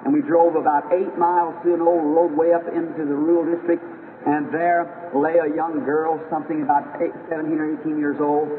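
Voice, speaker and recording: A man's voice: a little high, flat delivery, fairly quick. Man preaching on an old tinny recording. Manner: fervent, earnest, repeats himself for emphasis. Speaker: evangelist preacher. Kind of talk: sermon with personal storytelling. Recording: tinny old lo-fi recording in a reverberant hall with hiss.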